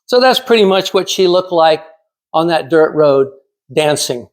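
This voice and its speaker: Man in his sixties, fairly high voice, measured, dramatic delivery, prepared speech. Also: animated. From California. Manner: measured, dramatic storytelling with pauses. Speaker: club speaker.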